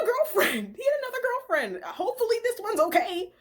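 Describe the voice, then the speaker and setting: A woman's voice: very high-pitched, sing-song, normal speed. A young woman telling a casual storytime, chatty and exasperated, with plenty of filler words, swearing and laughs. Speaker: vlogger.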